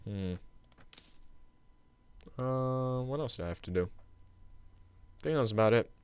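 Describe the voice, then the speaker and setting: A man's voice: medium pitch, animated, measured pace, darkish tone, a little hiss or hum. A young man hosting a gaming channel who tells a meandering story over his gameplay. He talks casually and fills his sentences with "um" and "like.". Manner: casual and meandering, heavy on fillers like "um" and "like".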